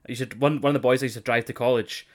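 A man's voice: mid-range voice, steady tone, rapid-fire. A man in his twenties, co-hosting a wrestling podcast in a casual chat, laughing often and swearing casually. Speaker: podcast co-host.

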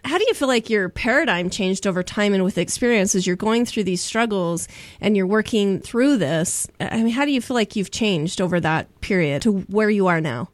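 A woman's voice: medium pitch, expressive, moderate pace, no echo. Woman host, reflective interviewer, dry close sound. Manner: reflective, follows up with open questions. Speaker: podcast host. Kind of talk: interview questions.

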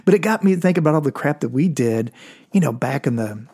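Older man, 60s, slightly high voice, loose profane storyteller. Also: animated, quick pace, dark tone, breathy edge. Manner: rambling, frequent restarts and profanity, chuckling. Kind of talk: casual personal storytelling.

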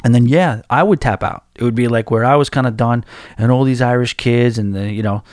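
A man's voice: mid-range voice, brisk, darkish tone, no room sound, clean studio sound. A man in his forties with a New York accent, hosting a podcast and rambling through a casual story with many restarts. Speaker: podcast host.

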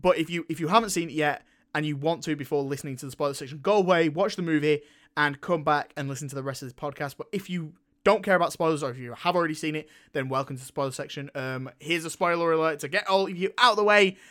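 A British man hosts a casual film podcast, excitable and quick to laugh and swear. His voice sits fairly high with a bright edge. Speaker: podcast host. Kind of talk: casual film review chat.

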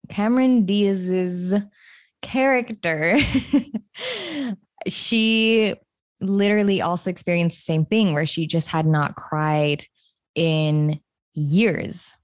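Woman podcast host, solo monologue; slow, reflective, slightly low voice, dry close sound. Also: no echo. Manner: reflective and unhurried, with gentle stresses.

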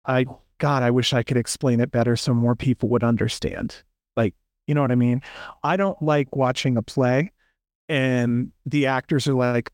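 A man's voice: medium pitch, fairly even intonation, normal speed, a little mellow, no room sound, studio quality. Opinionated man ranting on a podcast. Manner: opinionated, rambling, acts out quotes. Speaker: podcast co-host. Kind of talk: casual podcast chat.

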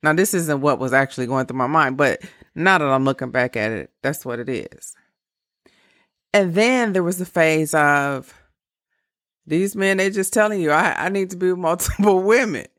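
A woman's voice: sits low, expressive, normal speed, a bit bright, no echo, clean studio sound. A woman of around fifty giving blunt, profane relationship advice in a candid casual monologue with laughing asides.

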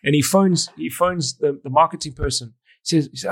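A man's voice: a little high, fairly quick, gravelly, husky. A middle-aged man, a wedding photographer and educator, telling stories in an interview and acting out the conversations he recalls. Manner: animated, acts out conversations, frequent restarts. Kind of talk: storytelling in a podcast interview.

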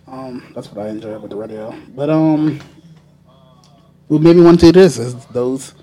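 A man's voice: medium pitch, normal speed, dark tone. A man, co-hosting a casual podcast chat, rambling with lots of fillers and casual swearing. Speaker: podcast co-host.

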